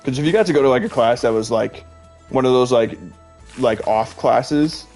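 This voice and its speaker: A man's voice: mid-range voice, moderate pace, a little mellow. A young man in his twenties chatting casually while gaming, rambling with constant "like"s and frequent laughs. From Illinois, USA. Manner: rambling, heavy use of "like", laughs often. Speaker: gaming streamer. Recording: faint game music behind.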